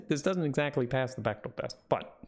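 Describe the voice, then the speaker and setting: American streamer guy chatting between chapters, gravelly, laughs at himself. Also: medium pitch, expressive, moderate pace, a little mellow. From United States. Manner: chatty, self-deprecating, laughing. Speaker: streamer reading a novel aloud. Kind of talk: casual aside during a live reading.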